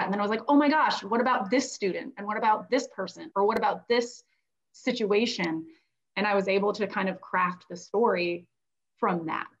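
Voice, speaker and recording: A woman's voice: medium pitch, a bit bright, highs cut off. A woman author and teacher from Florida, telling her story animatedly in a livestreamed conversation, acting out quotes with many fillers. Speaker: children's book author and classroom teacher. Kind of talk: livestreamed book launch conversation.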